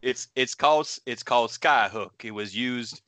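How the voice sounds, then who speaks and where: A man's voice: mid-range voice, normal speed, pushed and bright, no room sound. A man co-hosting a casual podcast chat, rambling, trailing off and laughing often. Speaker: podcast co-host.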